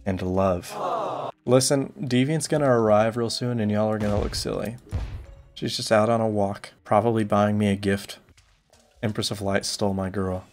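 A young man streaming a video game, tossing off deadpan absurd jokes and mock complaints in casual commentary. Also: on the low side, moderate pace, faint music behind.

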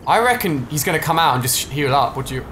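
Excitable man gaming with a friend. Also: on the high side, fast talker, slight background noise. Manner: excitable, hyped commentary. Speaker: gaming YouTuber. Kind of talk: casual co-op gameplay chat.

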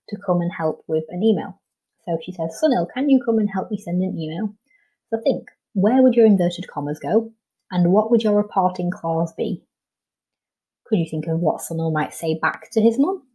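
A woman's voice: on the low side, warm tone, slightly rough, poor audio. A woman with a Welsh English accent, a primary school teacher patiently explaining a recorded lesson step by step, with frequent ums.

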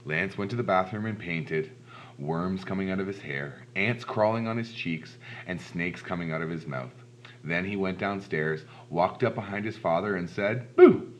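A man reading a children's storybook aloud in an expressive, animated way. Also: deep voice, normal speed, a little hiss or hum. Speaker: storybook reader. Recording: dull lo-fi recording.

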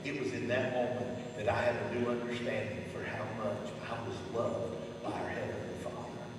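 A middle-aged man preaching a sermon at a revival rally, swinging from hushed pauses to shouted climaxes. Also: medium pitch, fairly even intonation. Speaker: evangelist preacher. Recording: echoey hall from far off, noisy.

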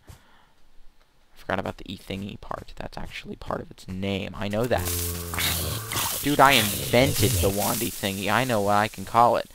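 Excitable young-sounding gaming commentator man. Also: lowish voice, moderate pace, vocal fry, long pauses, background noise. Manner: excitable, panicky yelps of no no no. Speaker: gameplay commentator. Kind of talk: let's play commentary.

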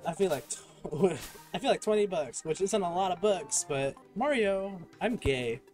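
A man's voice: high voice, animated, measured pace, darkish tone. A young man streaming a game in casual, goofy commentary, often yelping and laughing. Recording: game music underneath.

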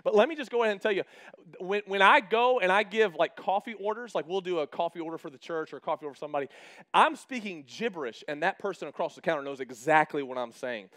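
High-voiced joking male pastor. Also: expressive, fast talker, fairly bright tone. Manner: chatty and humorous, acting out quoted exchanges. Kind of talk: casual storytelling sermon.

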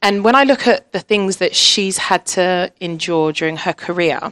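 A woman's voice: on the low side, normal speed, a bit bright. A woman in her thirties speaking on a panel, chatty and candid, laughing often and acting out family conversations. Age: 30s.

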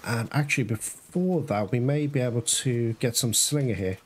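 A man's voice: mid-range voice, normal speed, breathy edge. A man giving casual, chatty commentary on his own gameplay, talking straight to viewers and swearing now and then. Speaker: gamer playing through a game.

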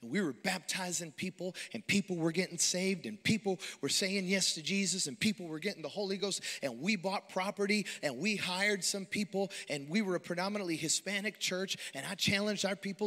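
High-voiced preaching man in a hall. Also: a little fast, few pauses. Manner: fervent, rhythmic repetition, swells louder at times. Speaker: pastor. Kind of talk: preaching a sermon. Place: large conference hall. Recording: long hall reverb.

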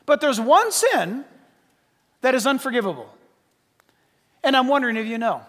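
High-pitched preaching man, lively delivery. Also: normal speed, big-room sound. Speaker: pastor. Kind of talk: sermon. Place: church sanctuary.

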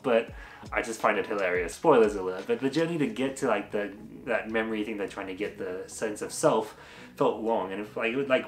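A man giving a casual spoken movie review, chatty and rambling, with laughs between his points. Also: fairly low pitch. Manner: chatty and rambling, full of fillers. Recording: echoey room with faint music.

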